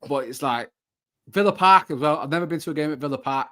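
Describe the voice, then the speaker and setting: A man's voice: a little high, fast talker, fairly bright tone. A young man with a Mancunian accent, chatting casually as a guest on a football talk show, rambling with frequent restarts and fillers. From Manchester, England. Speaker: podcast guest, football fan content creator. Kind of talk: casual chat.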